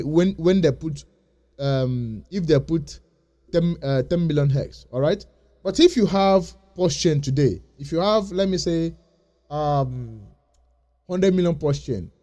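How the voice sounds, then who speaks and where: A man's voice: a little high, warm tone. A man hosting his own channel, lecturing his viewers in an insistent, repetitive way in a casual vlog. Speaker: crypto channel host. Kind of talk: casual vlog talk to camera.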